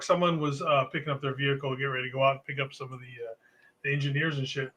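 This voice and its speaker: A man's voice: mid-range voice, fairly even intonation, fast talker, sharp tone. A man co-hosting a casual sports podcast, telling a long profane story in a laid-back way. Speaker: podcast co-host.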